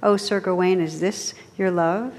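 Woman reading as a gentle enchanted noblewoman, low soft voice, storybook reading, long reverb. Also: steady tone, a little slow. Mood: reproachful.

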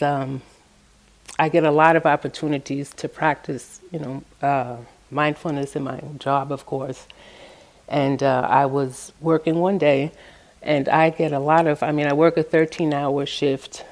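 Gentle low-voiced woman giving a dharma talk. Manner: gentle, storytelling, acts out quoted voices. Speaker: meditation teacher. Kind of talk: dharma talk with personal stories.

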